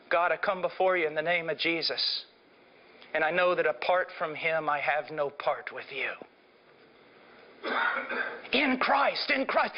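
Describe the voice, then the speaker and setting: A middle-aged male preacher with a high voice, delivering an impassioned sermon. He swings from hushed, low lines to ringing shouts. The recording is dull and lo-fi.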